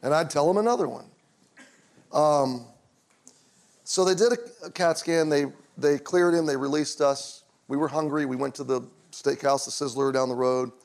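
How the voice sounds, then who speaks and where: Storytelling man preaching, slightly high voice. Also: moderate pace. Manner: conversational storyteller, drops to quiet low tones in tender moments. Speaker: pastor. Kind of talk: sermon with personal story.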